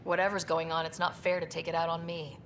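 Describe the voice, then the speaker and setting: A woman playing a calm, curious young explorer. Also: lowish voice, fast talker, slight background noise, natural voice. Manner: calm, friendly, inquisitive. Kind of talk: video game dialogue.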